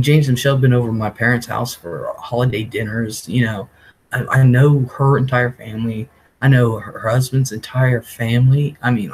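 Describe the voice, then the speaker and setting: A man's voice: mid-range voice, darkish tone, breathy edge, low-quality recording. A man hosting a live stream, telling a rambling story casually, often laughing and swearing. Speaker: livestream host.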